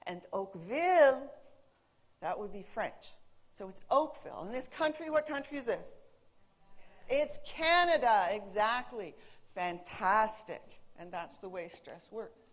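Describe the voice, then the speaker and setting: A woman who speaks English natively, giving a lively, emphatic stage talk and quizzing her audience. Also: medium pitch, moderate pace.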